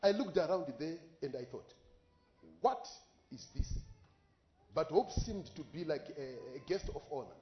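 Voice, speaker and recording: A man preaching a sermon as an impassioned storyteller whose voice rises sharply on exclamations, paused for live interpretation. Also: a little high, animated. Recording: echoey, dull lo-fi recording.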